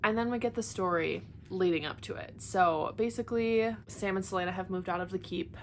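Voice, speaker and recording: A young woman vlogs about a book series she's rereading, reading passages aloud and chatting with lots of filler words. Her medium-pitched voice is brisk and gushing, excitable, packed with "like," over slight background noise.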